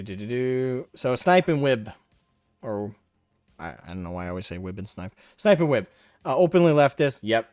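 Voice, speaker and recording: A man's voice: medium pitch, smooth, no room sound, clean studio sound. A man hosting a live stream, talking in a brash, mocking way and taunting people in a raised voice. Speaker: livestream host. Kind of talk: casual livestream commentary.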